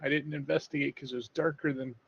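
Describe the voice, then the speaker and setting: A man's voice: fairly high pitch, steady tone, quick pace, creaky, slight background noise. Playful male player, lo-fi sound. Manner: playful, joking. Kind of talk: casual tabletop game play. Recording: muffled lo-fi audio.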